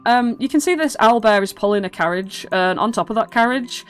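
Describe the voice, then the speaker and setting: A woman's voice: on the high side, animated, brisk, smooth, soft background music. A young British woman narrating as game master, rambling, with lots of "like" and "um". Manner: rambling, full of "like" and "um". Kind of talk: casual tabletop narration.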